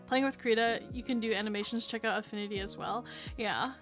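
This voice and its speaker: A woman's voice: a little high, steady tone, fairly quick, music in the background. A woman VTuber streamer chatting casually at home. She rambles, with lots of fillers and restarts. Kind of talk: casual chat while streaming. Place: home room with her cat. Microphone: desk streaming mic.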